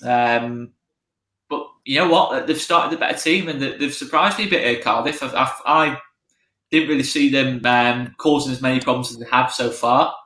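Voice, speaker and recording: A man's voice: mid-range voice, normal speed, bright, forceful tone. A man co-hosting a football fan watchalong, chatting casually about the match and often repeating himself as he thinks. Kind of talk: casual live match chat. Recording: roomy echo.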